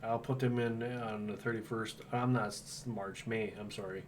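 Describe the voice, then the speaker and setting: Low-voiced guy from wisconsin, laid-back rambling livestream chat, sounds a bit far from the mic with faint hiss. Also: steady tone, normal speed. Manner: easygoing, rambling with fillers. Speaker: homestead channel host. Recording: distant mic with faint background noise.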